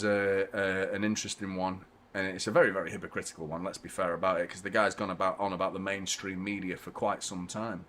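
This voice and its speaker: A man hosting a live football watchalong, talking casually to his audience, often swearing and getting loud and frustrated about the match. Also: on the low side. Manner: ranting, swearing, frustrated, shouting when excited. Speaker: football channel host.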